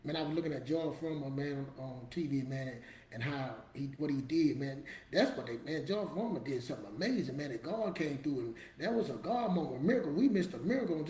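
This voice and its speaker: A man's voice: a little high, animated, a little fast, hardly any pauses, mellow, roomy sound. A man giving a motivational talk to camera in a preachy, emphatic, street-casual storytelling manner. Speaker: motivational vlogger.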